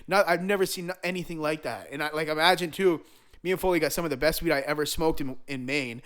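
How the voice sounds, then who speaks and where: A man with a slightly higher voice spinning a rambling, profanity-laced story about a road trip. He talks casually and loads his speech with slang and filler, the way he would with friends on a podcast. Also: fast, fairly bright tone.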